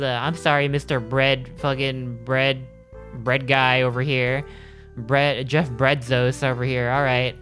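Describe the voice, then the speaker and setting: A man's voice: mid-range voice, fairly even intonation, a little slow, fairly bright tone. Male streamer, loose and jokey, talks in fits and starts; faint guitar music in the background. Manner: rambling, jokey, self-interrupting. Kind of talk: casual chat with live chat.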